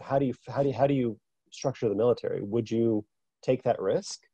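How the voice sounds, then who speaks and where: Man with a dark husky voice, polite. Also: mid-range voice, a little fast, no room sound, dull audio. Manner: polite, reframes questions carefully. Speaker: discussant. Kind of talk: academic panel discussion.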